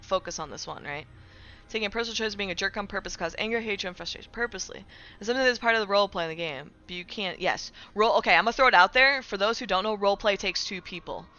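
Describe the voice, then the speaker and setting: A woman's voice: mid-range voice, pushed and bright, highs cut off. A young woman streaming casually, chatting with her viewers, peppering her talk with "right?" and sarcastic asides. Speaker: streamer reading chat. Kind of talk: casual live-stream chat.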